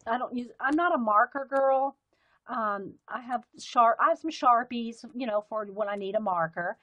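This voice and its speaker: A chatty woman with a soft Southern US accent hosts a casual art live stream, talking her way through pens and markers. Her voice sits a little high, and she rambles and wanders off on little tangents as she goes. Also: moderate pace. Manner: chatty, rambling, easily sidetracked. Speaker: livestream art host.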